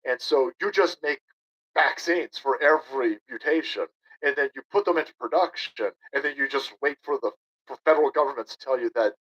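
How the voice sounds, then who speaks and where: A man's voice: medium pitch, brisk, fairly bright tone, dull audio. A man doing a profane, mocking reaction commentary on a video clip as a streamer.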